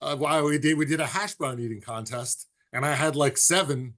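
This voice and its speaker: Animated man telling radio stories. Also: a little high. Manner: animated storyteller, does quick impressions. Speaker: podcast co-host. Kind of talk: casual sports chat.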